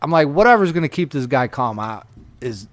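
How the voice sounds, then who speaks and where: A man casually telling a rambling, profane story on a podcast, getting louder and laughing as it goes. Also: medium pitch, very animated, brisk, no room sound.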